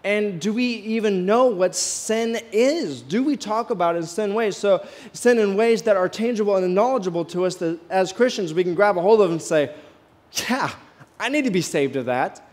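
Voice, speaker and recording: A man's voice: high voice, normal speed, few pauses, darkish tone. A male pastor giving a casual sermon in church, walking the aisle, asking the congregation questions and restarting his sentences often. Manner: conversational, asks the congregation questions, many restarts.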